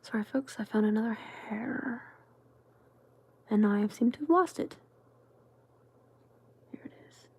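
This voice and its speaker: A woman crafting-channel host who tells a meandering story in a soft, chatty whisper. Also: fairly high pitch, a little slow, pauses often, breathy edge.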